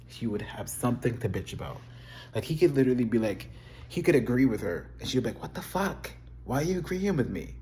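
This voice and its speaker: A man's voice: on the low side, a little mellow, slight background noise. A man in a casual video, giving blunt, profane opinions in a rambling, candid way. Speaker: video creator reviewing a TV show. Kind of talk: casual chat.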